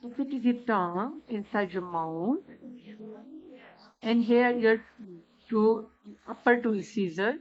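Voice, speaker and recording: A woman with a slightly high voice gives a patient alphabet lesson. She talks very slowly and repeats letter sounds one by one. The recording is dull and lo-fi. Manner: repeats key words and demonstrates sounds. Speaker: Arabic teacher. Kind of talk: slow explanatory lesson.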